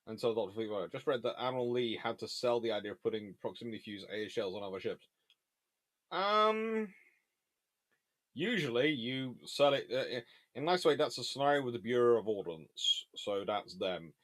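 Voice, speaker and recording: During a casual live Q&A on naval history, a man reads out viewer questions and answers them offhandedly, eating between remarks. His mid-range voice is animated and fairly bright, delivered at normal speed.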